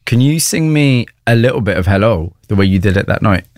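A man narrating and asking interview questions in a composed, measured documentary style. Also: on the low side, lively intonation, a little mellow, no echo, studio quality.

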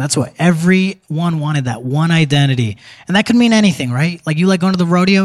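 A man's voice: fairly high pitch, animated, brisk, few pauses. A young man doing a live stand-up comedy set on a theater stage, joking casually and talking straight to the crowd.

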